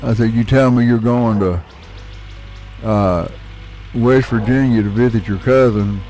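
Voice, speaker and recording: A man's voice: mid-range voice, measured pace, a little mellow, soft background music. A middle-aged man, telling a rambling, folksy story with casual swearing while he plays a game. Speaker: gaming channel host.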